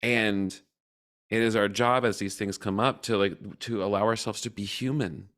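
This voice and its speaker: A man candidly reflecting on his feelings in a personal talk, open and emotional, with casual swearing and halting restarts. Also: on the low side, fairly even intonation, a bit bright. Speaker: cohort facilitator.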